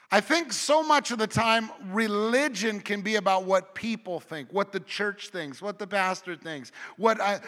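A man preaching to his congregation, his voice bright and forceful and a little higher than most. The sanctuary rings with a long reverb around his words as he drives home each point and calls for the people to repeat after him. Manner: preaching with rising emphasis and call-and-response. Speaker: pastor. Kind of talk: sermon. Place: church sanctuary.

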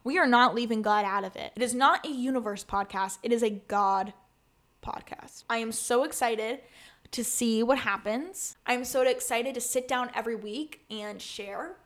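A woman's voice: fairly high pitch, moderate pace, fairly bright tone. A woman in her twenties hosting her own podcast, talking in an earnest, chatty way with lots of "like" and restarts. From USA. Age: 20s. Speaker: podcast host. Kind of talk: casual solo podcast talk.

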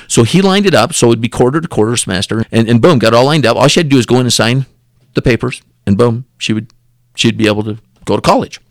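A man's voice: mid-range voice, lively intonation, fast, no room sound, studio quality. A man, a podcast guest, telling a story and acting out the dialogue in it, often repeating and restarting words.

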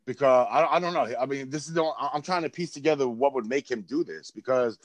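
A man's voice: mid-range voice, quick pace, no echo. A man hosting a podcast in casual chat, thinking aloud with restarts and the odd swear. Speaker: podcast host.

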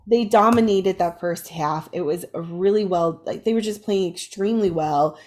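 A woman co-hosting a casual sports podcast, animated and full of "like" fillers, her voice a bit raspy from recent illness. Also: on the low side, moderate pace. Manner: animated fan, many "like" fillers. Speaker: podcast co-host. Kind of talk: casual chat.

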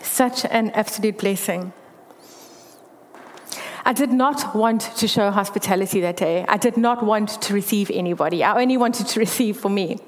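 Speaking at normal speed with a medium-pitched voice, a woman tells her own faith story candidly and earnestly. The recording has a long hall reverb.

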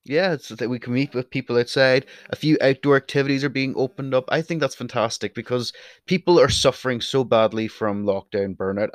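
A young Irish vlogger with a mid-range voice rambles casually, bluntly and with swearing, wandering off topic. He talks into a desk mic but sometimes turns away from it, and the recording is dry.

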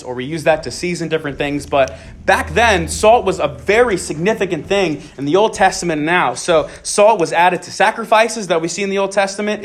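A young man leading a Bible talk for students, earnest and casual, leaning on "just" and "so" and repeating key lines for emphasis. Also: high-pitched. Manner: casual filler-laden phrasing, many "just" and "so". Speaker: student ministry leader. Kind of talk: youth Bible talk with prayer.

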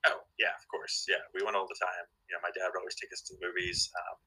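A man talks in a casual chat, piling up fillers and restarts as he tells stories. His voice is husky and a little low, with a very bright, forward edge. He sounds eager and lively about his subject. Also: fast talker, poor audio. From Southern California. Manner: enthusiastic storyteller, many fillers and restarts. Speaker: guest.

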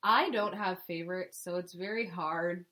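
A young woman chatting with friends on a podcast, giggly and quick to react. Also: fairly low pitch, over a noisy crowd. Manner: giggly, blurts out loud reactions. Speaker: guest friend. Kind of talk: casual chat.

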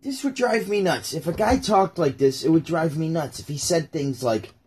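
A man with a husky, slightly high voice talks casually to his audience, joking and rambling as he reads the Bible and reacts to it. He sounds like a laid-back host chatting rather than preaching. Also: lively intonation, moderate pace, darkish tone. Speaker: YouTuber and podcaster. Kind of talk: casual Bible reading and commentary.

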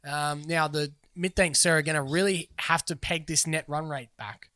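A man's voice: fairly high pitch, steady tone, normal speed, sharp tone, no room sound, clean studio sound. A man hosting a casual cricket video-game chat, rambling with many fillers and restarts. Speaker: podcast host.

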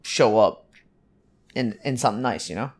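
A man's voice: on the low side, expressive, normal speed, a little mellow. Rambling man in his thirties, podcast co-host. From United States. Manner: rambling, with many ums and restarts. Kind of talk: casual chat.

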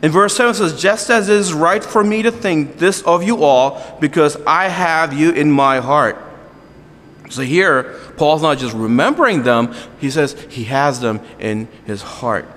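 High-voiced pastor preaching in a reverberant hall. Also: male voice, measured pace, a bit bright. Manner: earnest, with asides and jokes to the congregation. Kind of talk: sermon.

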